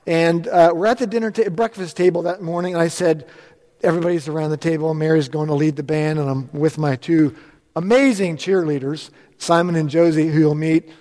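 A man's voice: fairly high pitch, steady tone, brisk, a little mellow. A middle-aged male pastor preaching a chatty, joking sermon to his congregation. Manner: upbeat, chatty, jokes with the congregation. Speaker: transitional pastor. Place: church sanctuary. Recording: long church hall reverb.

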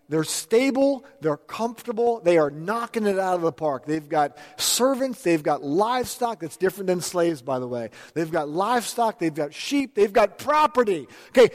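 A man preaching a sermon in a church, telling a story with amused, chatty energy. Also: sits high. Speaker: pastor. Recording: long hall reverb.

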